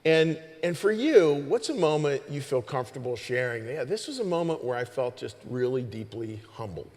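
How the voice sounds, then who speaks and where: A man's voice: mid-range voice, sing-song, normal speed, a little mellow, long reverb tail. A man, the pastor hosting the service, giving an informal sermon talk to the congregation in a conversational way full of restarts. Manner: conversational, with many restarts and "you know"s. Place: church stage.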